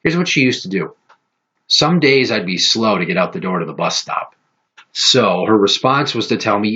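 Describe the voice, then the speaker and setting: A man hosting a podcast, telling profane, animated stories in casual chat. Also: lowish voice, moderate pace, slightly rough, dull audio. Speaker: podcast host.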